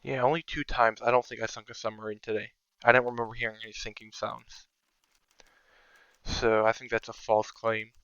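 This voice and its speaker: A man's voice: medium pitch, little pitch movement, moderate pace, fairly bright tone, clear, resonant tone, dry recording, lo-fi sound. A man giving casual, think-aloud commentary over his own strategy game, sometimes counting under his breath. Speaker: strategy game video creator.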